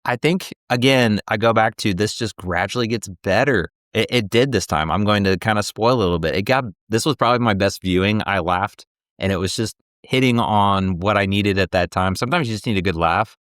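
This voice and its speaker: Male co-host, low register, eager movie talk, dry recording. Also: brisk, fairly bright tone, no room sound. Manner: enthusiastic, quotes lines in playful voices. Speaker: co-host of a movie review show. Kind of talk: casual movie review chat.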